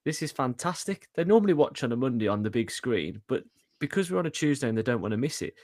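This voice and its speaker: A man's voice: mid-range voice, sing-song, quick pace, darkish tone, no echo. Upbeat Brummie co-host man, dry sound. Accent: Birmingham. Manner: upbeat, enthusiastic. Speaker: podcast co-host. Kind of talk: casual chat.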